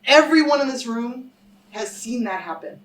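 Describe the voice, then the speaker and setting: A woman's voice: fairly high pitch, animated, moderate pace. Emphatic woman giving a lecture, slightly distant. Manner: emphatic and direct, addresses the audience with repeated questions. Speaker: scholar giving a talk. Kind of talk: public lecture, storytelling. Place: lecture hall with a live audience. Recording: speaker a little far from the mic, faint background noise.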